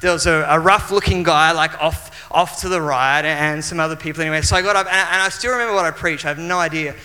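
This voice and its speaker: Bright-voiced Australian preacher in a reverberant hall. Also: male voice, on the high side, quick pace. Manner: animated storytelling with frequent restarts. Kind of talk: sermon with personal storytelling. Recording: long reverb of a church hall.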